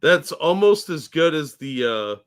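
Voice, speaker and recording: A man's voice: a little high, very animated, a little slow, clean tone. A man co-hosting a casual podcast, easygoing, agreeable and joking. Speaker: podcast co-host.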